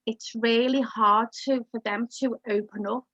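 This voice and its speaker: A woman's voice: fairly high pitch, steady tone, measured pace, fairly bright tone, no echo. A woman counsellor speaking reflectively on a video call, chatty with many fillers and restarts. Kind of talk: casual group discussion on a video call. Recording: dry, muffled video call audio.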